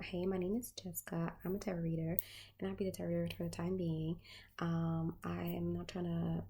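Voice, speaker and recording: A woman's voice: lowish voice, warm tone, slightly rough. A woman tarot reader chatting casually to her viewers, candid and profane, full of filler words.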